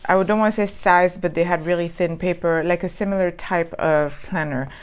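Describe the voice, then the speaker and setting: A woman's voice: lowish voice, steady tone, brisk, clear, resonant tone. A woman chatting casually as she flips through old planners, rambling with lots of ums and restarts. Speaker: planner vlogger. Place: lives in Southern California.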